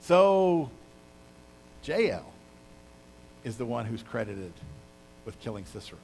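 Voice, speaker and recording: Man preaching in a lively storytelling sermon. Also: mid-range voice, slow, background noise. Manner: animated, casual storytelling with sound effects. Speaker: pastor.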